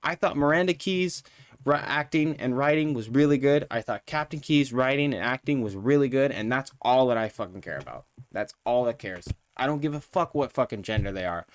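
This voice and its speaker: A man's voice: medium pitch, brisk, clear, resonant tone, no echo. A man streaming live, ranting in a profane, heated, rambling way while reviewing a show.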